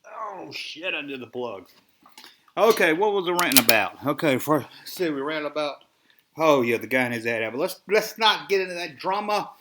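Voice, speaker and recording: A man's voice: a little high, lively intonation, normal speed, pushed and bright, slight background noise. A man from the Southern US with a Southern accent, rambling and ranting on a solo podcast, often sighing. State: dry mouth. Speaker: toy collector podcast host.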